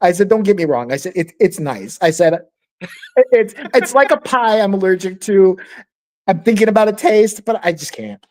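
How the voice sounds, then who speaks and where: A man's voice: high-pitched, lively intonation, normal speed, a little mellow. A man co-hosting a podcast, telling a story in casual chat, laughing often and acting out what other people said. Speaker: podcast co-host.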